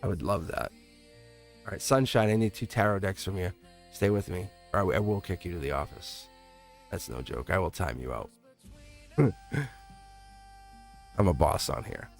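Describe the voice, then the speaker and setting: A man's voice: low-pitched, normal speed, pauses often, faint music behind. A man hosting a live-stream tarot reading, chatty and laughing often as he answers his live chat. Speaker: tarot reader.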